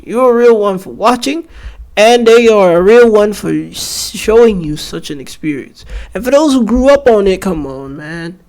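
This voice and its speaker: Young male reaction host, 21, stuffy nose, high voice, excitable and rambling. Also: moderate pace. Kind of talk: casual reaction commentary.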